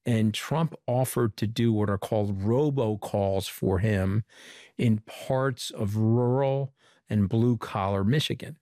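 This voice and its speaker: A middle-aged man from Long Island, giving an interview as a former communications director and telling animated stories with quoted dialogue. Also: lowish voice, no echo, studio quality. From Long Island, New York. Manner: animated storyteller who quotes people in dialogue. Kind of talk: conversational storytelling interview.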